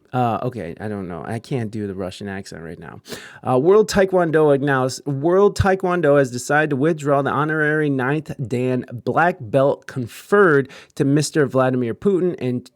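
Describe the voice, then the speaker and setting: This young man's voice sits in the mid range, captured in studio quality without echo. Hosting his podcast, he reads news items casually and breaks off between them to laugh, curse, and riff.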